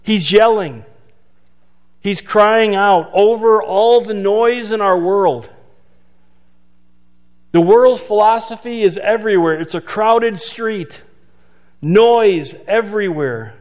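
A man preaching a sermon in a conversational way, asking rhetorical questions and slowing down for emphasis. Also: sits high. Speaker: pastor. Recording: long hall reverb.

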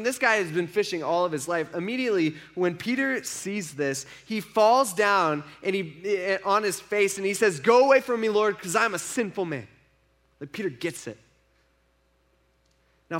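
A man's voice: fairly high pitch, a bit bright. A man preaching a casual sermon, retelling a story and acting out the speakers' lines in an everyday voice. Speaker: pastor.

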